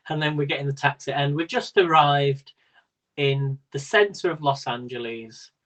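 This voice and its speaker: A man's voice: a little high, unhurried, fairly bright tone, slight background noise, poor audio. Chatty man hosting a quiz. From Britain. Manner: chatty and rambling, laughs often. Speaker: quiz host. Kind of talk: casual live-stream quiz hosting.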